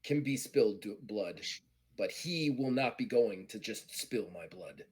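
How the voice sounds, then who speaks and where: A man's voice: lowish voice, lively intonation, measured pace, a little mellow, slightly rough. A man voicing a proud, conflicted Klingon woman officer who speaks formally without contractions, in a tabletop role-play. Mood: grim.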